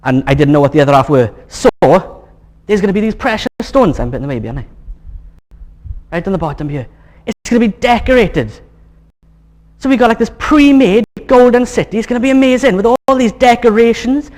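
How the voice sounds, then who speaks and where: A man preaching a casual, joking sermon at his church, chatty and coaxing the congregation to get excited. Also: sits high, fairly quick. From Wales. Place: church hall.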